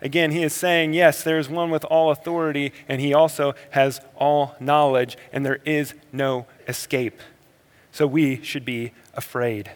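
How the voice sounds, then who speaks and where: A male pastor preaches with a slightly high voice that carries a long reverb tail, as in a church sanctuary. He pushes hard on his key points, then drops into quiet, slow reflection. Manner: swings between energetic emphasis and quiet, slow reflection. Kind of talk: sermon.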